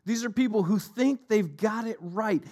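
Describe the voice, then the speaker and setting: A man's voice: high voice, moderate pace, darkish tone. A middle-aged man preaching a sermon as a pastor, emphatic and repetitive in his delivery.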